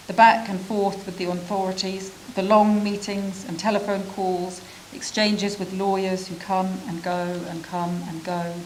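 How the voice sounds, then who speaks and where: A woman reading a literary prose story aloud at a measured, reflective pace, with pauses between phrases. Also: medium pitch, slight background noise, rough recording. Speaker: reader of a refugee's story.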